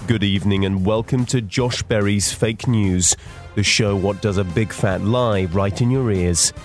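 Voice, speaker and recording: Deadpan man over loud music. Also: lowish voice. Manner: deadpan, slow, mock-serious. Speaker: comedy show host. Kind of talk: deadpan scripted spoof news reading. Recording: loud music bed behind voice.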